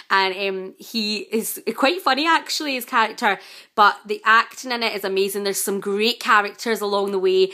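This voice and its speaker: A woman chatting casually as a vlogger reviewing a TV series, excitable and gushing, with frequent fillers and exasperated outbursts. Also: medium pitch. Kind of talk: casual chat.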